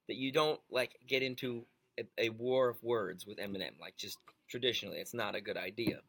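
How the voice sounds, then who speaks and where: Bright-voiced amused male radio co-host. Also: mid-range voice, no echo. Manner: chatty, amused, wry. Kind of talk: casual chat.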